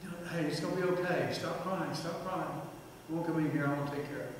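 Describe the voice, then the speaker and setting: Man doing a kind male doctor, calm, reassuring, quick, distant, echoey hall. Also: a little high, voice pushed up, natural voice. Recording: echoey hall from far off, background noise.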